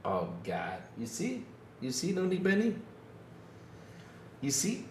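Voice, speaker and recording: A man's voice: high voice, wildly swooping pitch, takes it slowly, pauses often, reverberant. A man hosting a casual livestream, joking with the chat and playing up mock hurt, laughing often. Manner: playful, self-mocking, laughs often, mock-whiny. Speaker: livestream podcast host. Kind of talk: casual live-chat banter.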